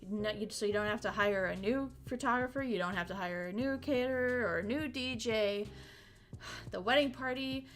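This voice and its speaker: A woman's voice: a little high, moderate pace, fairly bright tone. A young woman streaming in casual chat, talking frankly, swearing freely and laughing often.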